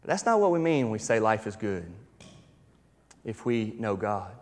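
A man's voice: fairly low pitch, very animated, normal speed, darkish tone. A man in his thirties preaching a sermon in a conversational, storytelling manner with emphatic stretches. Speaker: pastor. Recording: reverberant hall.

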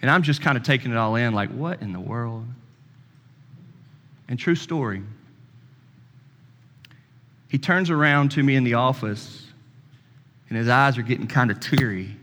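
Folksy pastor in a reverberant hall. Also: male voice, mid-range voice, normal speed, long pauses, fairly bright tone. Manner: folksy storyteller, acts out both sides of conversations. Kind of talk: sermon with storytelling. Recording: long reverb in a church hall.

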